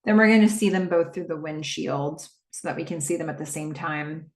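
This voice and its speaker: A woman's voice: low voice, fairly quick, reverberant. Chatty woman recapping a TV episode. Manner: chatty, animated retelling with many fillers. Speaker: podcast host. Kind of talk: casual TV rewatch recap.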